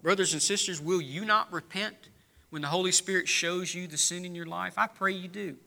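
A man preaching a sermon in a church, swinging between low, quiet lines and loud, rising appeals. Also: fairly even intonation, a little fast, vocal fry. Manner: preaching with rising and falling intensity, dropping low then building loud. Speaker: pastor.

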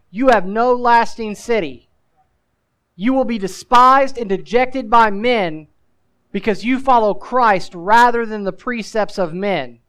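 A man's voice: very high voice, fairly bright tone, clear, resonant tone, poor audio. A male pastor preaching a sermon. He mixes scripture with casual asides and presses the listener with emphatic rhetorical questions.

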